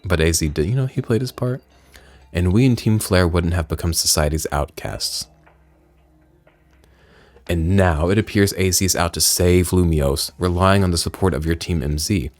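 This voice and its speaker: A man reading out a video game's dialogue in a put-on deep voice, playing a solemn former member of a villain group. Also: normal speed, a little mellow, faint music behind, close to an everyday voice. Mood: grave. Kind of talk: reading game dialogue aloud.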